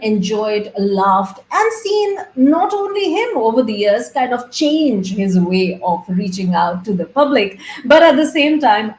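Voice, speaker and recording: A woman's voice: fairly high pitch, a little mellow, reverberant, low-quality recording. A woman hosting a talk show interview, chatty, effusive and playful as she introduces and questions her guest. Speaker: host.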